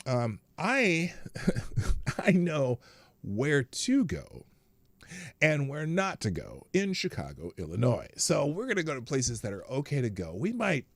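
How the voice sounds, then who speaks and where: A man hosting a live stream, telling a story in a casual, animated way, acting out the other people's lines and laughing often. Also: medium pitch, a little slow, no echo. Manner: animated, acts out quoted voices, laughs often. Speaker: livestream host.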